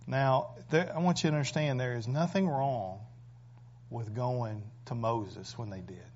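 Emphatic preacher, lo-fi sound. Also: male voice, medium pitch, a little slow, darkish tone. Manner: emphatic, rhetorical questions, frequent "right?". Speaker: pastor. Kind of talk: sermon. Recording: dull lo-fi recording.

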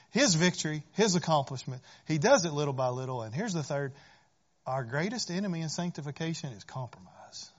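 A man preaching a sermon in an earnest manner, often rising into fervent pleas and asking "right?". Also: fairly high pitch. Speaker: pastor. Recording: dull lo-fi recording.

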